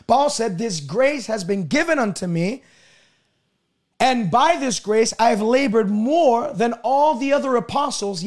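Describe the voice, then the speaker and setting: A young male preacher delivers a broadcast sermon in a strikingly high-pitched voice. He speaks emphatically, driving his points home and climbing to loud declarations.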